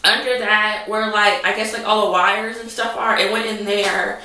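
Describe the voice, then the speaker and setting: A woman's voice: medium pitch, fairly even intonation, moderate pace, sharp tone, a little hiss or hum. A young woman telling a story to the camera in a rambling, dramatic way, full of "like". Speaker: vlogger. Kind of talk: casual storytelling. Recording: roomy echo, mic at a distance.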